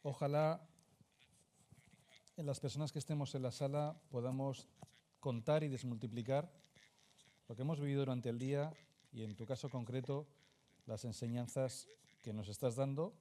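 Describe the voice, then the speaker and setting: A man interviewing a guest on stage in a formal conversation, speaking earnestly and in measured, list-like phrases. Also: medium pitch, steady tone, warm tone. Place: stage at a public forum.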